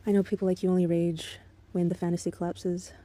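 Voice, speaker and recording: A woman's voice: on the low side, flat delivery, fast talker, dark tone, no room sound. A woman in an angry, profane monologue aimed at an ex-partner, bitter and contemptuous but controlled. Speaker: vlogger.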